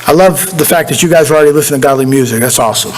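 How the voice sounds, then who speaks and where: High-voiced pastor preaching. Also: male voice, racing, slight background noise, poor audio. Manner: folksy, conversational preaching with repeated phrases. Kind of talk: sermon. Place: church sanctuary.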